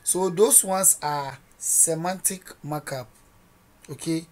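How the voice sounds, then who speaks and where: Slow-talking coding instructor. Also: medium pitch, darkish tone. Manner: quizzes listeners with rhetorical "what?" questions; narrates each editing step as they go. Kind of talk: screen-recorded coding tutorial.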